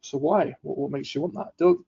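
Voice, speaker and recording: A man's voice: on the high side, wildly swooping pitch, normal speed, gravelly, dark tone, breathy edge, muffled recording. A man hosting a live online coaching session, upbeat and chatty, reading out viewers' comments as he goes. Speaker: webinar host.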